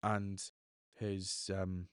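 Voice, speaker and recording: A man's voice: deep voice, flat delivery, very slow, smooth, no room sound, clean studio sound. A young man hosting a podcast, rambling chattily and correcting himself as he goes. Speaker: podcast host. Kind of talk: casual solo podcast monologue.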